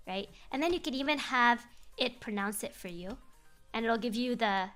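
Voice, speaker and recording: A woman's voice: on the high side, animated, moderate pace, a bit bright, faint music behind. Chatty, giggly young woman streamer. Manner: chatty and giggly, switching between English and Japanese. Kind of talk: casual chat stream.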